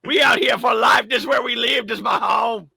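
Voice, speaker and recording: A man's voice: very high-pitched, steady tone, fairly quick, gravelly, sharp tone, husky, dry recording, raised voice, clean studio sound, heavily acted. Man doing a brash drawling rural woman. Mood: defiant. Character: defiant drawling rural woman refusing to leave home.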